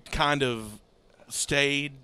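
A man in his thirties hosting a podcast in casual chat, laid-back and quick to laugh. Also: medium pitch, steady tone, crowd noise. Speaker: podcast host.

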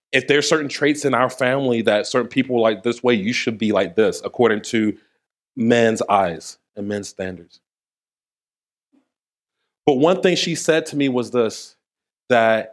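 A man preaching a sermon in a conversational way, with playful asides to the congregation. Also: medium pitch. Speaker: pastor.

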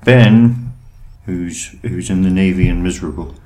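A man with a fairly low voice chats on a casual podcast. His delivery is sarcastic and teasing, quick to rib his co-host. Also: warm tone.

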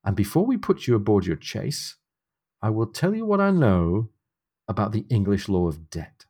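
A man's voice: fairly low pitch, big pitch swings, warm tone. A man reading as formal ship's doctor Stephen. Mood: warm. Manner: measured formal period reading. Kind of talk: reading a novel aloud.

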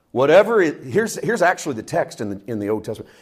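A man preaching a sermon from Canada, animated, swinging between loud outbursts and quiet asides as he acts out quotes. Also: quick pace. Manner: animated preaching with big swings in loudness and pitch, acting out quotes. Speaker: pastor.

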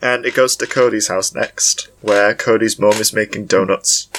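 A man's voice: on the low side, fairly even intonation, normal speed, a bit bright, slight background noise. A man, a podcast co-host in playful banter who laughs often, on a home microphone with a pop filter over a voice call. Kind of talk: casual chat, outtakes.

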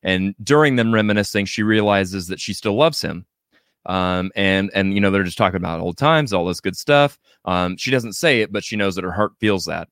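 Chatty low-voiced male podcast host. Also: animated, moderate pace, a bit bright, smooth, no room sound, studio quality. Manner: hesitant, lots of ums, enthusiastic. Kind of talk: casual chat on a video call. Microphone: video call.

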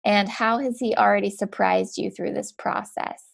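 Gravelly-voiced sympathetic woman interviewer. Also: mid-range voice, fairly even intonation, moderate pace. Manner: gentle, sympathetic. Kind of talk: interview questions.

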